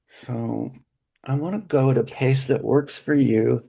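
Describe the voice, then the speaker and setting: Slow, gravelly man, dark and husky, a gentle therapist demoing a session, full of restarts. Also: medium pitch. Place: symposium hall, hybrid session.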